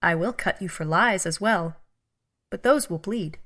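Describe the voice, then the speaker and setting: An actress playing an eerie, inhuman female customs officer who speaks in a calm, cold, measured and menacing way. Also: on the low side. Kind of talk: audio drama acting.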